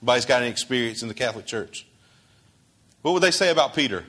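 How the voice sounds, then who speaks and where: A man's voice: mid-range voice, animated, rapid-fire, sharp tone, husky. A male pastor preaching a sermon in a conversational way, asking his congregation questions and acting out quoted dialogue.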